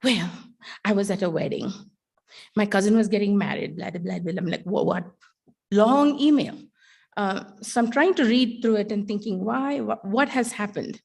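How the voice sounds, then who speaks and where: A middle-aged woman giving a keynote talk, a teacher telling a story with wry humor and dramatic pauses. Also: mid-range voice, vocal fry, a little mellow, husky.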